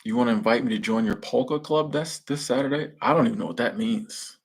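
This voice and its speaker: A man's voice: mid-range voice, quick pace, creaky, breathy edge. A young man hosting a live stream, chatting casually with viewers in slangy speech and laughing at his own jokes. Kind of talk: casual chat reading viewer comments.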